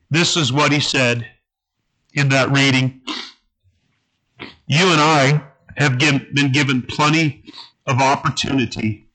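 Male pastor, slow, bright-toned earnest sermon delivery, halting phrasing. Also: mid-range voice, rough recording.

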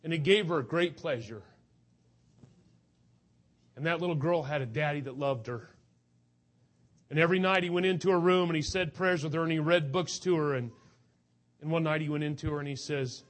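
A man's voice: fairly high pitch, normal speed, long pauses. A man preaching a sermon in an earnest, emotional, urging manner.

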